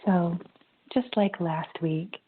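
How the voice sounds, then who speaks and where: A woman leads a guided meditation in a low, gravelly, husky voice. She speaks slowly and soothingly, often sinking into whispers. The sound is thin and tinny, as if over a phone line. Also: a little hiss or hum. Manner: slow, soothing, drifting into whispers.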